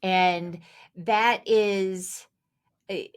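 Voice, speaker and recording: A woman hosting a parenting podcast, speaking in a thoughtful, measured way in conversation with her guest. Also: medium pitch, fairly even intonation, clear, resonant tone. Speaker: podcast host.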